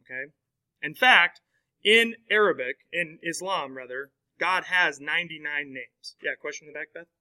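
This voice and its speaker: A man lecturing in a classroom with a very bright, forward voice pitched a little high. He talks in a loose, conversational way, with lots of fillers and check-ins with his students. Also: moderate pace, poor audio. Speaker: teacher.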